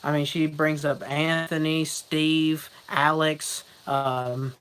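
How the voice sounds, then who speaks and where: Young guy rambling through stories on his vlog, bright voice, laughs a lot. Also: a little high, flat delivery, slow pace, smooth, poor audio. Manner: rambling, laughs often, breaks into loud mocking voices. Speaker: vlogger. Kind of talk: casual storytelling vlog.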